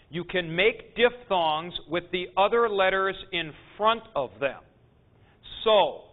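A man teaching a Greek class, explaining pronunciation in a deliberate lecture and clearing his throat often. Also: on the high side. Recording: tinny phone-like lo-fi recording.

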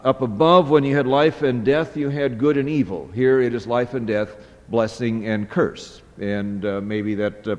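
A man teaching a scripture lesson, reading a text slowly line by line and pausing often with "uh". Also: on the low side, big-room sound. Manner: slow, deliberate, pausing often with "uh". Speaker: Hebrew Bible teacher.

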